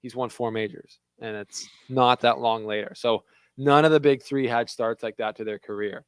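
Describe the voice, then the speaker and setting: A man's voice: medium pitch, steady tone, normal speed, clear, resonant tone, dry recording. A young man from Canada co-hosting a podcast in casual chat, talking loosely with lots of "like" fillers. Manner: chatty, loose, full of "like" fillers. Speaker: podcast co-host.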